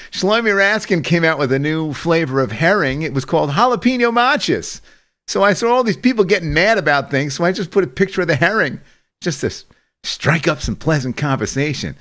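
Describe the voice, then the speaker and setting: Lively, chatty male show host. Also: on the high side, a little fast. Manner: rambling storyteller, laughs often. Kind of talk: casual chat.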